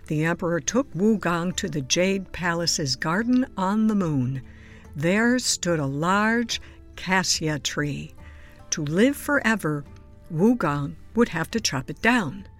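A woman reading children's picture books aloud in a gentle, soothing storybook voice, sometimes dropping to a whisper. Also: fairly low pitch. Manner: soft, slow and soothing, dropping to a whisper at times. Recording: dry close mic with faint music behind.

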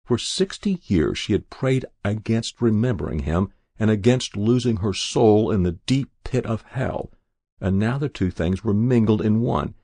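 Gravelly male voice reading literary fiction. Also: fairly low pitch, dry recording. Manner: measured, expressive reading. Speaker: narrator. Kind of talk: scripted literary narration.

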